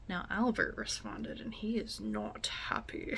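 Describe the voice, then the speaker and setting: A woman's voice: mid-range voice, very animated, a little slow, gravelly, fairly bright tone, slight background noise. A woman vlogging in a casual chat about baiting scammers, amused and talking loosely with lots of "like". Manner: chatty and amused, peppered with "like".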